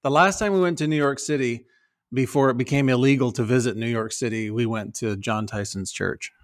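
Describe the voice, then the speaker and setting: A man's voice: medium pitch, fairly quick. Earnest man teaching on a podcast. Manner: earnest, stumbles and restarts, playful teasing. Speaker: pastor and podcast co-host. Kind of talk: casual chat.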